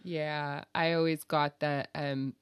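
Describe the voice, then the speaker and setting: A woman comedian telling a story in an interview, animated, acting out the voices of the people in it and laughing often. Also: low voice, slow, clean tone, no echo. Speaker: comedian guest.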